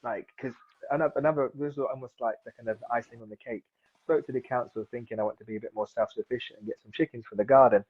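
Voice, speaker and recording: A man's voice: mid-range voice, fairly even intonation, quick pace, husky, no room sound. A man in his thirties from South London, chatting casually as an interview guest, rambling with lots of fillers and restarts. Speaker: guest, seaweed farmer. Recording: dull lo-fi sound.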